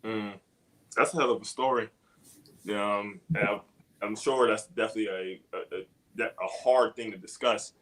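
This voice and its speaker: A man's voice: fairly low pitch, fairly even intonation, moderate pace, a bit bright, low-quality recording. A man hosting an interview show, asking questions in a hesitant, restarting way. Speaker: podcast host.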